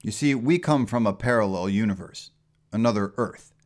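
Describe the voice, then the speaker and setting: A man's voice: on the low side, moderate pace, close to an everyday voice. A man voicing a proud, self-assured male superhero in a firm, lightly lifted voice.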